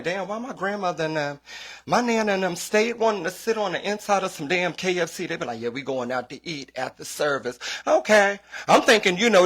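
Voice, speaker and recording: Animated, profane podcast host, man. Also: a little high. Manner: profane, animated storytelling with quoted voices. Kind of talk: casual comedic podcast rant.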